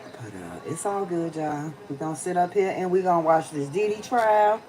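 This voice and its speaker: A woman's voice: fairly low pitch, animated, moderate pace, a crowd in the background, poor audio. A tired woman hosting a casual livestream outdoors on a rainy day, chatting with her viewers in slang. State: tired, yawning. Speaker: livestream host.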